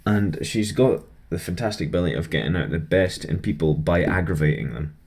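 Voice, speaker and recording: A man's voice: sits low, expressive, fairly quick, vocal fry, darkish tone, breathy edge. A young man rambling casually about his week while building a model kit, chatty and self-deprecating.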